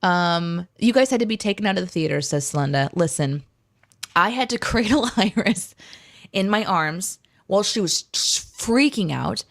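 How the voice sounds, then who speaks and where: Lively, expressive woman co-host. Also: medium pitch, moderate pace, vocal fry. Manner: chatty, expressive storyteller who reads out viewer comments. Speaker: co-host of a live talk stream. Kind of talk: casual live chat.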